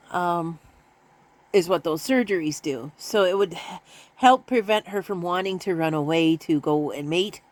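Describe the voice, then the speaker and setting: A woman in casual vlog chat, rambling and laughing often, who switches to a high baby voice when talking to her pets. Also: unhurried, pauses often, a little mellow. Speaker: vlogger.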